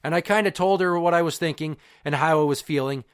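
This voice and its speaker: A man's voice: on the high side, quick pace, smooth, no room sound, clean studio sound. A middle-aged man, hosting a podcast and telling a personal story in a blunt, profane, heated way. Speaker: podcast host.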